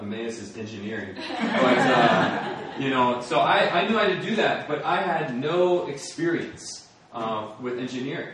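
A man's voice: medium pitch, fairly bright tone, a little hiss or hum. A middle-aged man from the United States giving a sermon testimony, telling his story and laughing often. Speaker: speaker at a church or campus ministry gathering. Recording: echoey room from far off.

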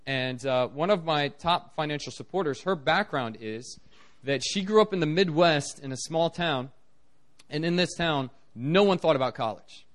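Man preaching a lively story sermon. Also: normal speed. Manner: animated storytelling, lively pitch swings. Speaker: missionary preacher.

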